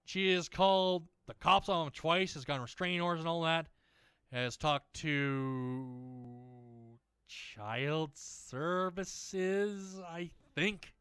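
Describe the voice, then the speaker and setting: Bright-toned man ranting and swearing. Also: a little high, slow pace, clean tone, no echo. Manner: rambling, many restarts and fillers. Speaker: gaming video creator. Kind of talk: casual chat over gameplay.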